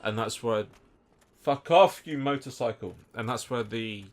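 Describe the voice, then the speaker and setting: A young British man co-hosts a let's play of a game, joking and swearing and often drifting into long rants. He speaks at normal speed in a fairly low, steady voice, with faint background noise.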